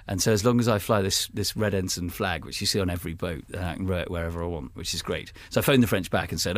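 A man's voice: deep voice, quick pace, few pauses, dry recording. A British man, a guest author, telling a self-mocking, humorous story in a rambling, casual way.

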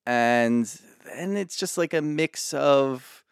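A man's voice: mid-range voice, takes it slowly, gravelly, clean tone, no room sound, studio quality. A man co-hosting a podcast, chatting casually about reality TV in a rambling, jokey way, with tangents and swearing. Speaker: podcast co-host. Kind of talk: casual chat recapping reality TV.

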